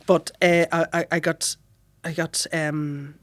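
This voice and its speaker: Chatty woman, lowish voice. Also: level tone, slow, no room sound. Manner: chatty, self-mocking anecdotes. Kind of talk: casual podcast chat.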